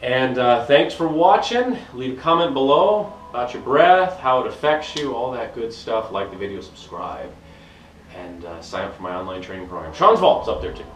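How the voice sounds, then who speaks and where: A middle-aged man, a fitness instructor, coaching viewers in an energetic, enthusiastic casual vlog at home, recorded on a camera mic. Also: medium pitch, moderate pace, slight background noise. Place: indoor room at home. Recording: echoey room, voice from a distance.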